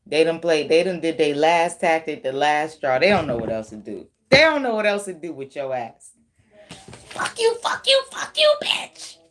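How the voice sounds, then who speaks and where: A woman's voice: low voice, animated, moderate pace, hardly any pauses. A woman doing a tarot reading in casual, blunt, profane talk, teasing and laughing often. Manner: slangy, teasing. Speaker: tarot reader.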